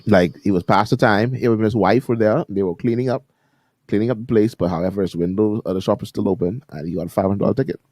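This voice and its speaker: A man's voice: fairly low pitch, fast, a little mellow, no room sound. A man co-hosting a morning radio talk show, chatting casually and laughing often. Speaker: radio co-host.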